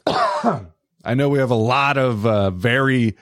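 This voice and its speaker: A man's voice: medium pitch, slow, no room sound. Guy on a podcast, swears a lot, laughs, dry close mic. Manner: profane, animated, laughs often. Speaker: podcast co-host. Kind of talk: casual political chat.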